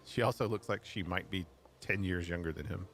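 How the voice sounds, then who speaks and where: A man with a fairly low voice chatting casually while he plays a video game on stream. He tosses off amused little asides as soft game music plays in the background. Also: brisk. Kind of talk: casual gameplay commentary.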